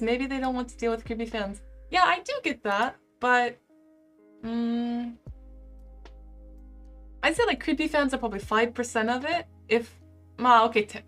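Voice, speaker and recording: A young woman in her twenties, a live-streamer, chatting casually and reading out viewer comments in an animated way. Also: a little high. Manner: chatty and animated, heavy use of "like".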